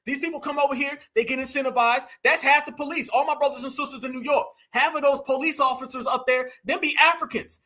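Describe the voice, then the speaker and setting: A man hosting reaction commentary, animated and mocking, repeating his points. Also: extremely high pitch. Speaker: commentary host.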